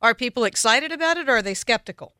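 A woman's voice: a little high, animated, quick pace, bright, forceful tone, no echo, studio quality. A woman hosting a radio interview, joking with her guest and asking pointed questions. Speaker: radio show host.

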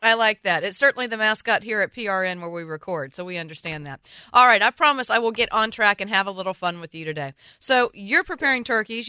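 Southern woman radio host, teasing, bright-toned, dry studio. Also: medium pitch, clear, resonant tone, no echo. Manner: joking, teasing. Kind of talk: chatty radio talk.

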